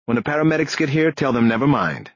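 A man's voice: medium pitch, expressive, fast talker, no room sound, lo-fi sound, voice pushed up, close to an everyday voice. A man voicing a brusque male police detective who barks orders, in an audiobook. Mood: commanding.

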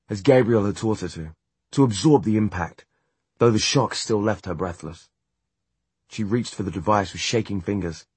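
Male audiobook narrator, breathy husky voice, fairly low, steady measured reading, dry close sound. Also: no room sound. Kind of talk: scripted narration.

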